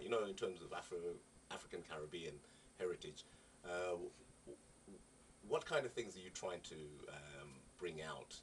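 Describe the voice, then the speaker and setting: A man's voice: extremely low pitch, a bit bright. A male interviewer who asks long, hesitant questions full of ums and restarts. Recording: distant mic with faint ambient noise.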